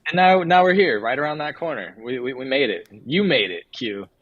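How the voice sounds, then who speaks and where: A man co-hosting a casual livestream chat, excitable and joking, often drifting onto tangents. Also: mid-range voice, fairly quick, dull audio. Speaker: co-host.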